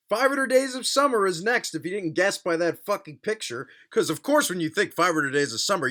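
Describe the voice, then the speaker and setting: A young man doing a sarcastic, profane comedic reaction to a book, mocking it with loud outbursts and muttered asides. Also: on the high side. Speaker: vlogger reviewing a book.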